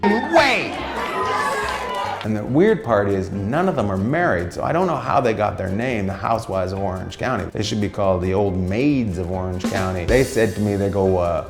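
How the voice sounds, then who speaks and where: Animated storytelling comedian man. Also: moderate pace, echoey room, music in the background, a crowd in the background. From Canada. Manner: animated, jumps into loud high impressions and laughs. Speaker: stand-up comedian. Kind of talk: storytime commentary between clips.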